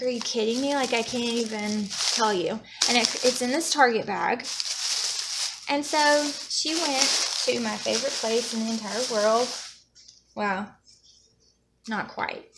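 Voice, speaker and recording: A woman's voice: a little high, background noise. A young adult woman vlogging in casual chat, gushing and effusive, with lots of restarts.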